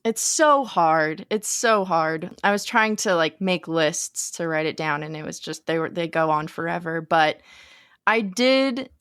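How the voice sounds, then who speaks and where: A woman co-hosting a podcast in casual chat, chatty and quick to laugh. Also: on the low side, lively intonation, fairly bright tone, smooth, no room sound, clean studio sound. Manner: chatty, laughs often, acts out quotes. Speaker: podcast co-host.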